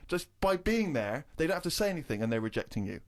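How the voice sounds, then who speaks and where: English guy in his thirties, brisk comic anecdote teller, indignant streak. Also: a little high. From England. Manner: animated storytelling, rising indignation. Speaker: co-host telling an anecdote. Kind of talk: casual comedy podcast chat.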